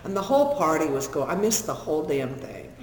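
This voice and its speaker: A woman in her sixties with a Texan accent shares her life story with an audience, candid and quick to laugh at herself. Her voice sits mid-range and carries the long echo of a big hall. A faint hum of background noise sits behind it. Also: low voice, sing-song. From Northern California. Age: 60s. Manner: candid, self-deprecating, humorous storyteller. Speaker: speaker sharing her recovery story. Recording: echoey hall with long reverb.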